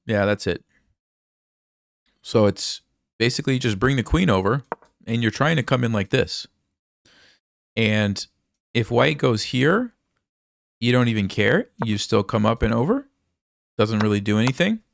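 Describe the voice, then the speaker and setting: A hoarse man commentating his own online games as a chess coach, thinking aloud in a relaxed way and quizzing viewers. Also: mid-range voice, measured pace, long pauses, dry recording, clean studio sound. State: hoarse, losing his voice, coughing. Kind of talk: casual live game commentary.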